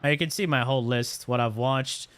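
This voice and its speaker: A man streaming live, chatting casually in a rambling, excitable way with quick blunt opinions. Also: medium pitch.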